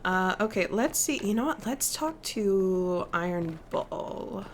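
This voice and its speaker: A woman's voice: medium pitch, lively intonation, slow, a little hiss or hum. A woman hosting a let's play, commenting casually and gushing emotionally over the scenes. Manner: gushing, emotional, full of exclamations.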